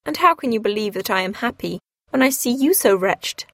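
A woman reading the lines of a sensible young woman comforting her sister in a storybook reading, earnest and gently firm. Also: on the high side, animated, a little fast, no room sound, studio quality.

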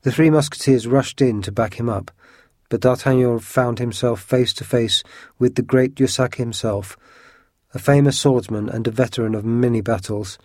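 Mellow-voiced male storybook narrator. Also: mid-range voice, steady tone, moderate pace, dry recording, clean studio sound. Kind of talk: storybook reading.

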